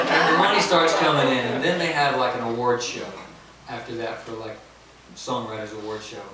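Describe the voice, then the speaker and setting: A man's voice: mid-range voice, fairly even intonation, normal speed, pauses often, heavy background noise. A man, a singer-songwriter, telling a self-mocking story between songs at a house concert and laughing at his own jokes. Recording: echoey room from far off, guitar. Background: acoustic guitar.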